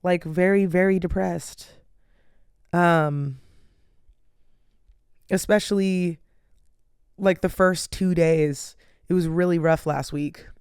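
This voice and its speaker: A woman's voice: fairly low pitch, steady tone, slow, pauses often, a little mellow, smooth, no echo, studio quality. A tired, yawning young woman hosting a podcast, chatting casually and rambling with lots of "like" and "um". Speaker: podcast host. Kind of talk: casual solo chat.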